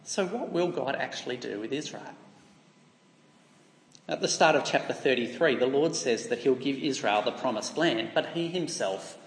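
A man's voice: medium pitch, lively intonation, moderate pace, gravelly. A man with an Australian accent preaching a sermon in an earnest, emphatic way, asking rhetorical questions. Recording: echoey hall with long reverb.

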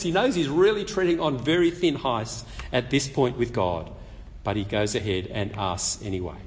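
A man preaching a sermon, telling the story lively and acting out the quotes. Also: mid-range voice, moderate pace, in a large hall.

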